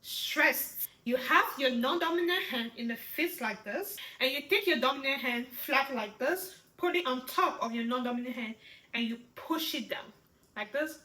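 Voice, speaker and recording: A pregnant woman teaching a sign language lesson in an expressive way, often checking in with "right?". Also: high-pitched, normal speed, echoey room, low-quality recording. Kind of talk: instructional lesson.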